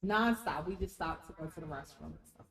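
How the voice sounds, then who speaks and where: A woman's voice: low-pitched, a little fast, distant mic. Woman co-host telling a story in an echoey room. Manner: lively, laughs easily, storytelling. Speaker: radio show co-host. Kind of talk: casual chat. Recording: echoey room, away from the mic.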